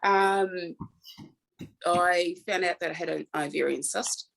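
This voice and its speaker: Hoarse, gravelly New Zealand woman. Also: lowish voice, slow pace, a bit bright, low-quality recording. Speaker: guest. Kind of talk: casual chat.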